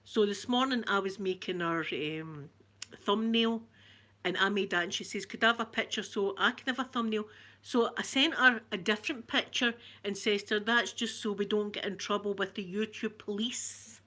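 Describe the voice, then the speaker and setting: A woman's voice: medium pitch, normal speed, bright, forceful tone. A woman with a broad Glaswegian accent, hosting a casual live-stream chat, greeting viewers by name and laughing often. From Scotland. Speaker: ASMR channel host.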